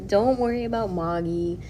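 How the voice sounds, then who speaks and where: Woman, casual livestream host at home; soft, cooing delivery with whispered asides; noisy recording. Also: medium pitch, slow. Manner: soft, cooing, chatty, drops to a whisper at times. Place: at home beside a cat.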